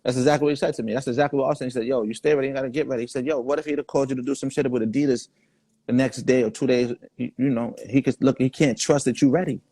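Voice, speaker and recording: A man's voice: mid-range voice, steady tone, racing, warm tone, no room sound. A man, the guest in a casual interview, telling laid-back stories full of quoted dialogue. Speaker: guest artist.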